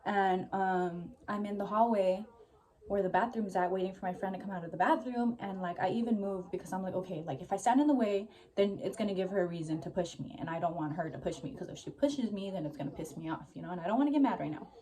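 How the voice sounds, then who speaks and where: A woman's voice: medium pitch, fast, dark tone. A young woman vlogger telling a story in a rambling, casual way, full of "like" and swearing, a little out of breath. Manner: rambling, heavy use of "like", swears freely.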